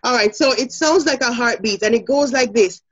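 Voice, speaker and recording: A woman teacher with a Jamaican accent giving an online lesson, brisk and encouraging, laughing often. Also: fairly high pitch, slightly rough, lo-fi sound.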